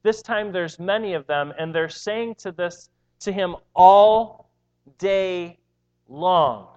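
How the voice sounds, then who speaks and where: A man's voice: high voice, takes it slowly, darkish tone, clear, resonant tone, highs cut off. A man preaching a sermon in an earnest, emphatic way, often repeating words as he drives a point home.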